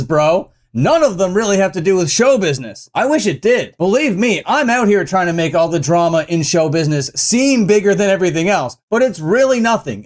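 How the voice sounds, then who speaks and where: Sarcastic high-voiced male commentator. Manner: sarcastic, mock-confrontational. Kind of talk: casual commentary vlog.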